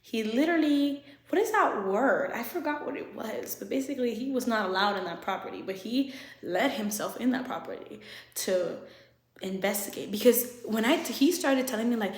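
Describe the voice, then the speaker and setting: A young woman vlogger telling a casual storytime, animated, swearing freely, with laughing asides. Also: on the high side, normal speed. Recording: echoey room.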